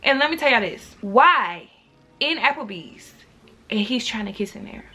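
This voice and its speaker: Young woman vlogger, higher voice, chatty storytime to viewers, incredulous. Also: fast talker, soft background music. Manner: animated, talks to viewers directly; exasperated, incredulous. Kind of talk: casual storytime.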